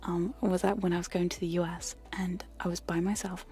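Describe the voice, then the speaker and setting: A young woman in a whispered role-play style ASMR livestream, chatting casually and giggly, whispering close to the mic and slipping into soft speech. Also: on the low side, little pitch movement, fairly quick. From United Kingdom. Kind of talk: whispered chat on stream. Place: home streaming setup. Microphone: close condenser mic.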